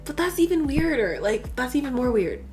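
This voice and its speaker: Lively high-voiced young woman reacting. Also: normal speed, faint music behind. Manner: reactive, incredulous interjections. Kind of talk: casual chat.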